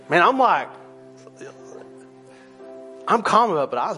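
Male pastor, middle-aged, slightly high voice, conversational sermon delivery, repeats for emphasis, faint music behind. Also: big pitch swings, vocal fry. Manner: emphatic, conversational preaching with repetition; rises loud for emphasis, drops low and slow on key words.

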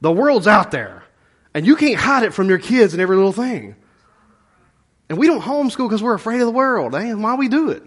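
A man's voice: high-pitched, sing-song, a little fast, breathy edge. A middle-aged man preaching a conversational sermon as a pastor, folksy and plain-spoken, full of rhetorical questions.

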